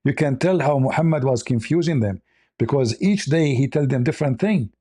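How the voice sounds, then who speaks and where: A man's voice: mid-range voice, lively intonation, a little fast, dark tone, breathy edge, no echo, clean studio sound. A man giving mocking commentary, sarcastic and laughing, with non-native phrasing. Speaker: online religion critic.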